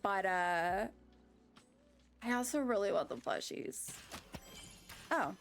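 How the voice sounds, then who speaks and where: A woman streaming a game, chatting casually with her viewers and getting excited over her wins. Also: mid-range voice, slow, creaky, soft background music. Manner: chatty and excitable, squealing with delight. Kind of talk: casual live-stream chat while gaming.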